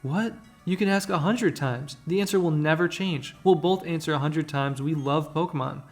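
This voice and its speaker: A man voicing an excitable, impatient young boy rival in a video game, reading his lines in a rushed, eager way. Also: fairly high pitch, faint music behind, lightly acted. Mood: excited. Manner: excitable, rushing.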